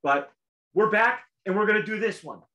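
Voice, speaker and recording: A man hosting a casual tasting show, talking in a rambling, halting way with lots of restarts. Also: high-pitched, lively intonation, bright, forceful tone, lo-fi sound. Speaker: show host.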